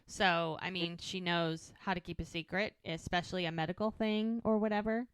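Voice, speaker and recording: A woman's voice: on the low side, steady tone, normal speed, clean tone, no echo, clean studio sound. A woman co-hosting a casual podcast, retelling television scenes in a chatty way and quoting the characters. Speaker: podcast co-host. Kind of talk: casual rewatch podcast recap.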